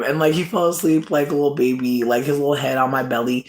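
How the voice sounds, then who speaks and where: A livestream host talks casually to viewers in an animated, profane way, with a middle pitch. Their voice jumps into high, laughing shouts when they get excited. The sound has a roomy echo. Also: brisk.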